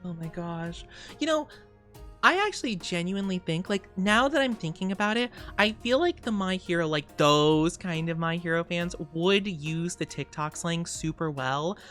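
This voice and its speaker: A woman's voice: lowish voice, animated, moderate pace, fairly bright tone, soft background music. A woman in her twenties chatting casually on stream, rambling and giggling often, and playing around with silly voices. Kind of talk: casual chat.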